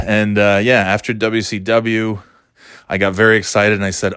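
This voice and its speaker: A man's voice: on the low side, level tone, a little slow, a bit bright, clean tone, no echo, studio quality. A man in his forties chatting casually, telling rambling, enthusiastic stories and laughing often. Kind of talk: casual chat.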